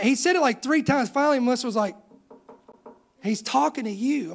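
A man's voice: extremely high pitch, a little fast, creaky. A middle-aged man, preaching a sermon and telling his own story with rising emphasis. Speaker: pastor.

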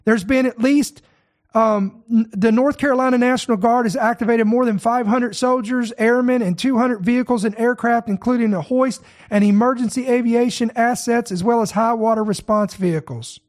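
A man's voice: very high-pitched, fairly even intonation, normal speed. A man who leads a ministry, hosting an online show and delivering impassioned, indignant commentary full of rhetorical questions.

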